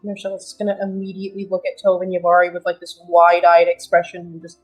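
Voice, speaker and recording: A woman's voice: lowish voice, monotone, fast, dull audio, soft background music. A woman playing a tabletop role-playing game, joking and laughing with the table. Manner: playful, laughing. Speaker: player. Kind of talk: tabletop role-play banter.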